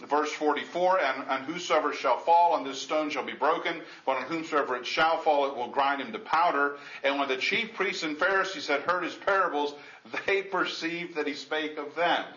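A man with a slightly high voice preaches a Bible-teaching sermon at a moderate pace, sounding pushed and bright. His delivery is conversational, full of restarts, and he reads scripture aloud in old, formal wording. The recording is lo-fi and dull, made in an echoey room.

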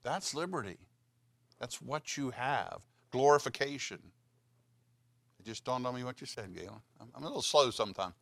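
A man's voice: mid-range voice, lively intonation, moderate pace, creaky, a bit bright, no room sound. A man giving a conversational Bible teaching, reading scripture aloud and putting questions to his listeners. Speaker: pastor.

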